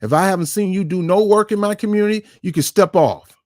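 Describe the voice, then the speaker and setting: A man's voice: high voice, brisk, a little mellow, dry recording, studio quality. A man hosting his own online show, giving ranting political commentary in an emphatic, confrontational way and repeating words for stress. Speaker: YouTube commentary host.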